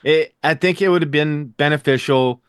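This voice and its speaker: A man hosting a casual TV recap chat, energetic and jokey, with quick fast-talking asides, recorded indoors. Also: a little high, clean tone, no room sound, studio quality. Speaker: podcast host.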